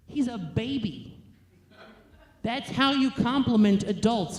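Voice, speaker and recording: A woman's voice: a little high, expressive, moderate pace, darkish tone, roomy sound. A young woman from New York, a stand-up comedian, telling crude, self-mocking jokes.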